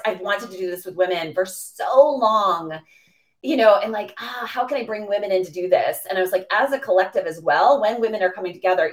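A woman in her forties from the Boston area, a coach telling stories as a podcast guest in a gushing, excitable way with lots of fillers. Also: mid-range voice. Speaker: interview guest, women's coach. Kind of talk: animated storytelling in a podcast interview.

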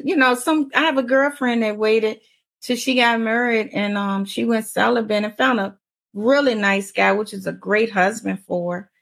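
A woman in her forties telling stories in a casual chat, animated and often laughing. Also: a little high, creaky. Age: 40s. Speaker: panelist.

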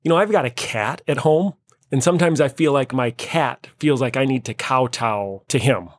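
A man's voice: medium pitch, normal speed, no echo, studio quality. A man hosting a casual talk show, playfully quizzing and teasing his co-hosts. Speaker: host. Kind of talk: casual chat.

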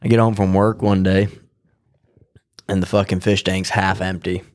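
A man with a low voice chats on a podcast in a relaxed way, swearing offhandedly and trailing off. His voice sounds dry and close to the mic. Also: normal speed, dry recording. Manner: laid-back, swears casually, trails off. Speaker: podcast co-host. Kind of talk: casual chat.

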